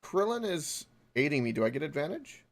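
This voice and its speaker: A young man playing a tabletop game, asking halting questions in casual chat. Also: on the high side, very animated. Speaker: player.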